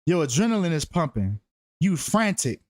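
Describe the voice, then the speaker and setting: Man, somewhat high voice, slangy profane commentary, emphatic, repeats lines, dry close sound. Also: very animated, moderate pace, a little mellow, no echo. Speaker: true-crime numerology commentator. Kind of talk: casual profane commentary monologue.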